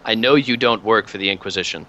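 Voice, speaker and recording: A man playing a gruff, brusque inquisitor. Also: on the low side, quick pace, sharp tone, muffled recording. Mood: dismissive. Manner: brusque, profane, impatient. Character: gruff commanding male inquisitor.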